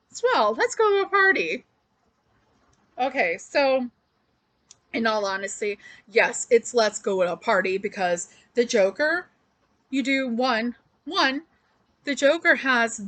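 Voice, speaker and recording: A woman's voice: a little high, fairly bright tone. A woman reviewing comics in a casual, rambling recap, full of fillers and restarts. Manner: chatty and loose, with many fillers and restarts.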